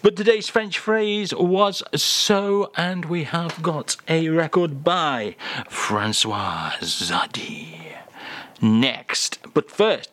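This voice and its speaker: A male radio host doing comic chat in a mock-grand, theatrical tone. His pitch swoops widely, his tone is bright and ringing, and he takes his time over every phrase. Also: animated, slow.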